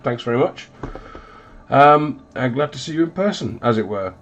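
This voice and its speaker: A man's voice: mid-range voice, lively intonation, normal speed, dull audio. Stuffed-up man rambling on stream. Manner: rambling, self-deprecating, many ums. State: stuffed up, recovering from illness. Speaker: hobby livestream host. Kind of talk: casual livestream chat while painting. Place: hot home hobby room, windows closed.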